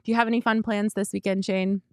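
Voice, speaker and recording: Young woman doing a solo sports chat show, upbeat and chatty, smooth voice, dry sound. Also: medium pitch, level tone, no room sound. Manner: upbeat, chatty, quick to laugh.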